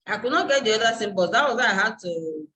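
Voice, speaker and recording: A woman's voice: mid-range voice, animated, fast, pushed and bright, poor audio. A woman university lecturer and dean giving a live online class, explaining step by step and searching aloud for terms.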